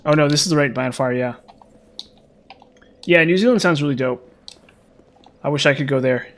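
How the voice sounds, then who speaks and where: A man's voice: a little high, moderate pace. A man chatting casually while playing a video game, rambling with lots of fillers and restarts. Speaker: gaming streamer.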